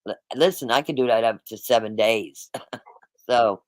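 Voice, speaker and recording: A man hosts a livestream and talks to his viewers in a loose, rambling way, often circling back to repeat himself. His voice sits at a middling pitch. It sounds close and dry, with no room echo. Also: moderate pace. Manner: addresses the chat directly, rambling and repetitive. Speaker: livestream host. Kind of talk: casual livestream chat.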